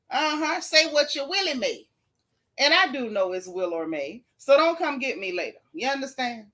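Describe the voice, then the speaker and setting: Woman dishing reality tv gossip, sassy, bright voice pitched a bit high. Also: sing-song, moderate pace. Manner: sassy, chatty, Southern Black vernacular on purpose. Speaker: reality TV recap host. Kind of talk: casual gossip recap reading live chat.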